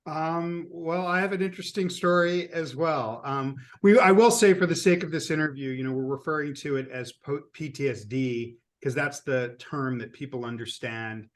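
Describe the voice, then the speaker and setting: A man's voice: a little high, moderate pace, few pauses. A man, an author guest on a podcast, who jokes around and then explains his point earnestly. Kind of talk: interview answers.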